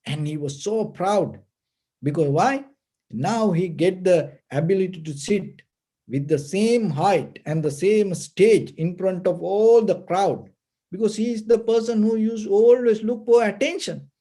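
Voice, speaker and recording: A man's voice: sits high, mellow. A man giving a storytelling dharma talk as a meditation teacher, with patient, simple phrasing. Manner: slow, patient, simple non-native phrasing.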